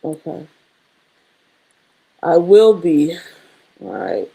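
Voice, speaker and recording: A woman's voice: low-pitched, big pitch swings, drawn-out words, gravelly, dark tone, husky, poor audio. A woman building a language study sheet on screen, thinking aloud, muttering and correcting herself as she types practice phrases. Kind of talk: casual screen-share lesson, thinking aloud.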